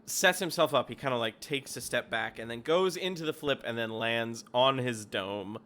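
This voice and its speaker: A man running a tabletop game as game master, narrating in a loose, giggly way. His voice is bright and at a middle pitch. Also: normal speed.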